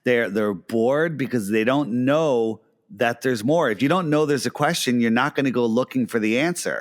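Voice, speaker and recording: A middle-aged man with a voice of ordinary pitch, chatting casually and eagerly. He tells anecdotes and slips into the voices of the people he quotes, restarting his sentences often. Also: normal speed, hardly any pauses. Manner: enthusiastic storyteller, acts out quoted dialogue; frequent fillers and restarts. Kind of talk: casual conversation.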